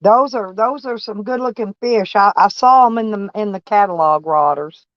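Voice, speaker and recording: A woman's voice: medium pitch, normal speed, no room sound, dull audio. A woman chatting casually to her viewers from her van, folksy and blunt, swearing freely. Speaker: van life vlogger. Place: van or camper, indoors.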